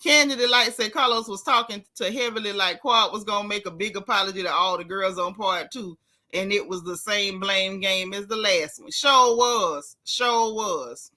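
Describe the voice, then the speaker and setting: A woman's voice: medium pitch, normal speed, sharp tone. A woman hosting a gossip vlog in casual chat, reading viewer comments aloud and answering them with sassy, blunt, teasing remarks.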